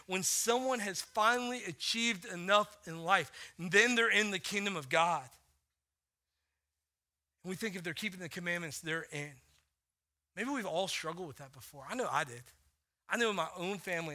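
A middle-aged man preaching a sermon as pastor, telling a family story in a casual way with many fillers, dropping to a hush and then rising to animated bursts. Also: high voice.

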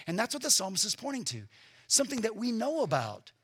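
An earnest man delivers a sermon as pastor, pressing his points with emphasis and then easing into quiet reflection. His voice sits a little high, with a bright, forceful edge and a husky grain. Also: huge pitch swings, fast talker.

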